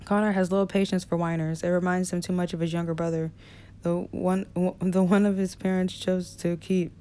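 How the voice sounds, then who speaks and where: A woman narrating an audiobook in a relaxed reading style, with small slips and restarts. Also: fairly low pitch, brisk, clean tone. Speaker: audiobook reader.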